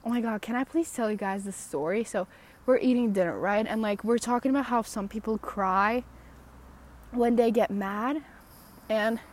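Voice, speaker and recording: A woman's voice: fairly high pitch, normal speed, a little mellow. Woman podcast host, walking outside and talking into a phone, chatty, sarcastic ramble, self-deprecating. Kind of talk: rambling personal podcast talk. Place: outdoors, walking at night.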